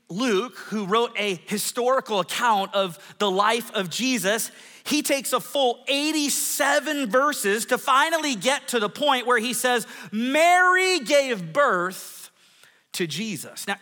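A man's voice: extremely high pitch, a little slow. A pastor in his forties preaching a sermon, telling self-mocking stories and polling the crowd. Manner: lively, self-mocking storytelling with audience polls. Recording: long hall reverb.

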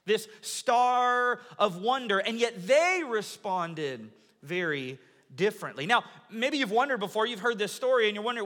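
A man in his thirties, a pastor delivering a sermon to his congregation as an animated storyteller, in a large church auditorium. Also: very high voice, moderate pace. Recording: long reverb of a large hall.

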